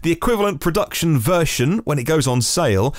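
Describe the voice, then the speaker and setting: A man hosts a daily news podcast, moving through stories with a lively, wide-ranging pitch. He adds chatty asides as he reads. The sound is dry and close, with no room echo. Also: fairly quick. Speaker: podcast host.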